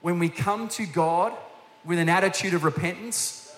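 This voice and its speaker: Bright-voiced man preaching. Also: high-pitched, normal speed. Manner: energetic storytelling, asks the congregation direct questions. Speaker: guest preacher, senior minister. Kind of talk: sermon. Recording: echoey hall with faint hiss.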